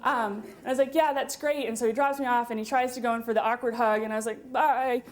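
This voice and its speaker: A woman in her twenties telling a wry, funny story live on stage at a story slam, with quick asides and laughter. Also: fairly high pitch, fairly even intonation, background noise. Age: 20s.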